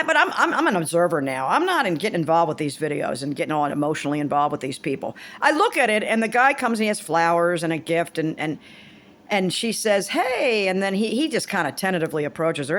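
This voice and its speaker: A woman's voice: on the low side, fairly bright tone. Blunt rambling woman vlogger. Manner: rambling, blunt, swears freely, frequent restarts. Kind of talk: casual monologue to camera.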